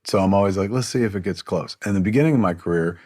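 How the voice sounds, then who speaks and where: A man's voice: deep voice, rapid-fire, a little mellow. A middle-aged man, a podcast guest, telling rambling, profane anecdotes in casual chat.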